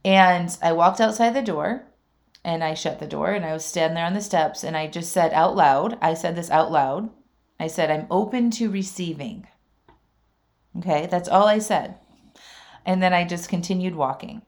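A woman's voice: fairly low pitch, normal speed. A woman in her forties telling a personal story in a casual, chatty way. She fills her talk with asides to the listener and laughs often as she goes. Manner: laughs often mid-sentence.

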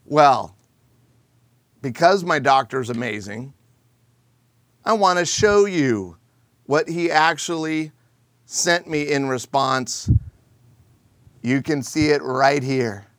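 Animated joking man, a bit high. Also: slow, pauses often, no echo. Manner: animated, jokey, acts out quoted people. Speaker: host. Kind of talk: comedic monologue to camera.

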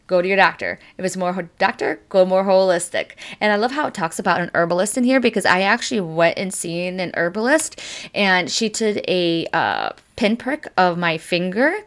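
A woman hosting a psychic podcast, reading oracle cards in a loose, chatty way, full of "like" and "you know", and moved close to tears. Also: fairly low pitch. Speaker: psychic medium podcast host. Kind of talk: casual oracle card reading.

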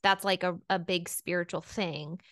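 A woman's voice: lowish voice, steady tone, moderate pace, a bit bright, no room sound, clean studio sound. A woman co-hosting a casual Bible study podcast, chatty and thinking aloud with many fillers. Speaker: podcast co-host.

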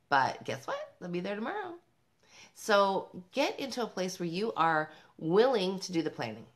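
A woman talking to the camera as a parenting vlogger, upbeat and emphatic, speaking straight to other mothers and laughing between points. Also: lowish voice. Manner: upbeat, emphatic, addresses viewers directly. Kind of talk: motivational talk to camera.

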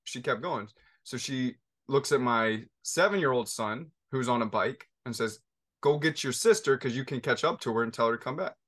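A man in his thirties hosting a podcast, telling a family story at an even middle pitch. He talks casually with many restarts, fillers and asides. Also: normal speed. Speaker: podcast host. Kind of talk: conversational interview.

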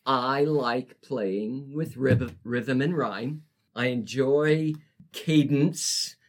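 Brief: male co-host, very unhurried, stumbles and repeats himself, reads verse aloud. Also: medium pitch. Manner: halting, repeats words, slow and deliberate. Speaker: podcast co-host. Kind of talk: casual chat and poetry reading.

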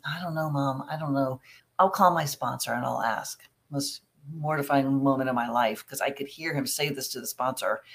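A middle-aged woman coaching families on recovery, chatting candidly while she answers viewer questions. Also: low-pitched. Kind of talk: live Q&A advice talk.

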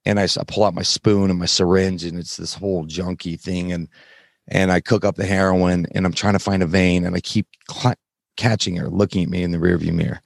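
A man as a podcast guest, telling his story candidly in plain, frank words with halting restarts. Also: low-pitched, level tone, gravelly, no echo, studio quality. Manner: frank, plain-spoken, occasional swearing; halting, many fillers and restarts while recounting.

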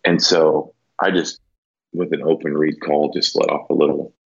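A man with a very deep, husky voice tells a story in a loose, rambling way. He fills his talk with "you know" and "like" as he goes. The recording sounds dull and lo-fi. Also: flat delivery, normal speed. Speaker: podcast guest, elk hunter. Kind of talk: casual storytelling.

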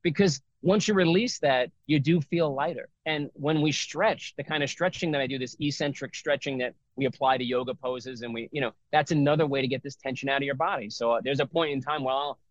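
A middle-aged man in a casual interview, explaining his breathwork and yoga teaching in a loose, rambling way with lots of fillers and restarts. His voice sits at an ordinary pitch. The recording is dry and slightly dull. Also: fairly quick, few pauses, no echo.

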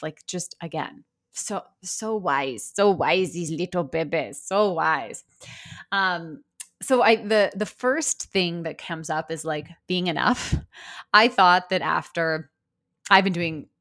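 A woman's voice: lowish voice, a bit bright. A young woman who runs her own business, talking in a casual, reflective monologue, earnest and chatty with lots of "like" fillers. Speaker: podcast host and business owner.

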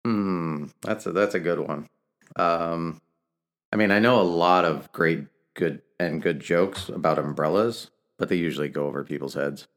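Guy with a super low voice doing deadpan dad jokes on a podcast. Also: normal speed. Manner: playful, deadpan punchlines. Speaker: podcast guest, host's husband. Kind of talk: casual dad-joke telling.

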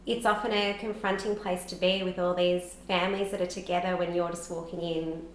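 A woman in her thirties speaks as a podcast guest, telling her story candidly and emotionally with frequent "like" fillers. Her voice is on the low side, flat in delivery, and fairly quick. The recording has a roomy echo and faint background noise.

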